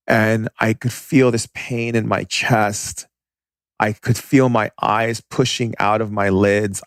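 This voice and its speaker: Gravelly low-voiced man telling a story. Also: no room sound, clean studio sound. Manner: intense, vivid, emotional storytelling. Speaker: shaman, podcast guest. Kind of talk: personal storytelling in an interview.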